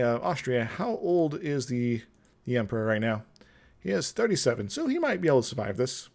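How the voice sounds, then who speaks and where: A young man streaming a strategy game, thinking out loud in casual commentary, chuckling and humming to himself as he plays. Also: mid-range voice, gravelly.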